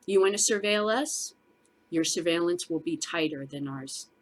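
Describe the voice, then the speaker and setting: Furious profane woman ranting, low voice. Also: moderate pace, slight background noise. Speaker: show host. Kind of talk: angry casual vlog rant.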